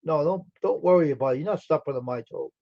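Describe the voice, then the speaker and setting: A man's voice: fairly high pitch, fast, creaky. A man hosting a live stream, chatting casually and answering his viewers' messages aloud while sounding tired and yawning. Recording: dull lo-fi stream audio.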